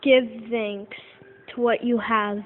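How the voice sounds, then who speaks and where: A woman's voice: on the high side, fairly even intonation. A woman narrating a home-made toy story in the first person, in an earnest, heartfelt way. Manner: earnest, slow, heartfelt telling. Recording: tinny phone-like recording, faint hiss.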